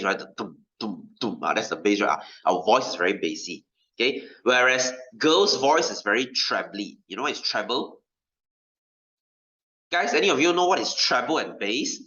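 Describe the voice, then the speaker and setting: A man's voice: medium pitch, sharp tone. A male science teacher, lecturing a class in a chatty way, often checking understanding and adding local particles like "lah". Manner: chatty, keeps checking understanding with "right?" and "okay?". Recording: dull lo-fi recording.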